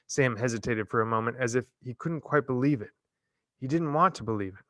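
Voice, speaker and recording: A man reading a novel chapter aloud in a measured, expressive storytelling manner. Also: mid-range voice, dry recording, clean studio sound. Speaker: reader. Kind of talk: audiobook narration.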